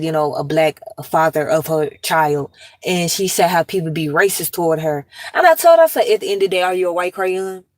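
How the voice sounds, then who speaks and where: A young adult woman from the United States rants in a blunt, profane, emphatic way, like a casual commentary vlog. Her voice sits a little low for a woman. The sound is dry and close, with almost no room echo. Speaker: commentary vlogger.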